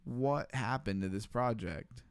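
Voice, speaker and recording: A man hosting a casual livestream who keeps laughing and reads viewer chat out loud. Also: mid-range voice, unhurried, slight background noise. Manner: laughing often, reading chat aloud. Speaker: livestream host.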